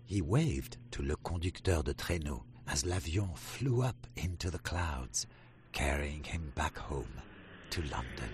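A man reading a children's picture book aloud in a slow, expressive way, then going through a glossary word by word. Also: a bass voice, a little hiss or hum. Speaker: storybook narrator.

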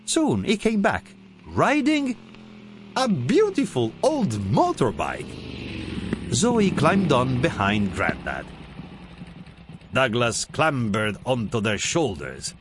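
A man narrating a children's storybook in an expressive, sing-song way. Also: mid-range voice, slow pace, background noise. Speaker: storybook reader.

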